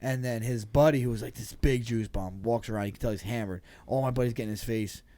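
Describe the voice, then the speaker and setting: A man from New Jersey, a former football player guesting on a podcast, telling stories in a swearing, animated, stumbling way. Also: mid-range voice. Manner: profane, animated storyteller with quick restarts. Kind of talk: casual storytelling chat.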